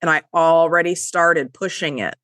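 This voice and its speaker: A woman's voice: deep voice, normal speed, fairly bright tone, no room sound. Woman podcast host with a stuffy nose, casual and emphatic motivational talk, dry close sound. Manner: casual, emphatic, talks straight to listeners.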